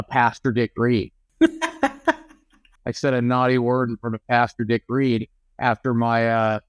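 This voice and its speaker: A man's voice: mid-range voice, clean tone, no room sound. A young man co-hosting a podcast, chatting casually and rambling with many restarts. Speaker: podcast co-host. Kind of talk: casual chat.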